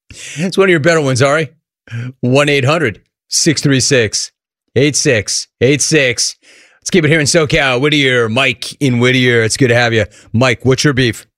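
A man hosting a radio call-in show, riffing sarcastically between callers with animated banter. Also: mid-range voice, no echo, clean studio sound.

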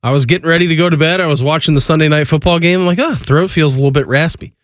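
A man in his thirties talks into a studio microphone with a fairly high voice, congested from a cold. He hosts sports radio in a joking, animated way and laughs often. The sound is close and dry, with no room around it. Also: very fast, no room sound. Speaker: radio sports show host. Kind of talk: casual sports radio banter.

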